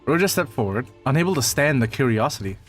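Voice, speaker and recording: A man's voice: mid-range voice, expressive, fast talker, faint music behind. A man reading game narration aloud and chatting playfully with friends. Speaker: reader and voice actor.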